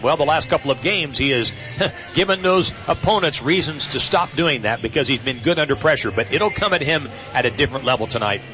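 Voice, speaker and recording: Bright-voiced folksy male radio broadcaster. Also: a little high, highs cut off. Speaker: play-by-play radio voice of the team. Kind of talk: radio sports analysis. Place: football stadium broadcast booth.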